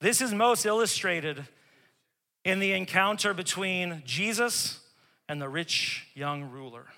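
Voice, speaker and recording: Emphatic bright-voiced male pastor preaching. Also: high-pitched, slow, in a large hall. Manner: emphatic, repeats key phrases, drops to a hush for tender moments. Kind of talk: sermon.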